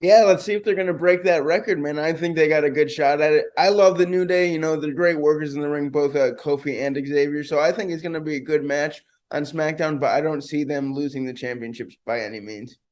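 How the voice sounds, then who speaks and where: An enthusiastic man chimes in on a casual wrestling chat, his voice sitting a little higher than most men's. He talks like an eager fan. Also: fairly even intonation, a little fast, few pauses, a little mellow. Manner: upbeat, enthusiastic fan talk. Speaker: wrestling recap co-host.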